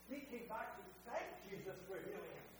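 High-voiced man preaching in an echoey hall. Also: very animated, fairly quick. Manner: rambling, repeats words, chuckles to himself. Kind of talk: informal Bible sermon. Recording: distant mic in an echoey room with hum.

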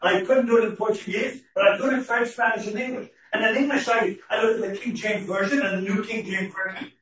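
A man delivers a sermon in an unusually high voice, repeating and restarting his words before building to shouted questions. He sounds distant from the mic in a very echoey hall, with faint noise behind him. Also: fast. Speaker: preacher.

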